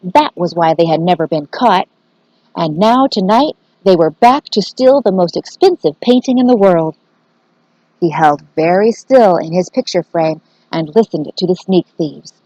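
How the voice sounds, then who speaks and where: A woman teacher reading a children's book aloud, expressive and aimed at young listeners. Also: on the low side, unhurried, dry recording, lo-fi sound.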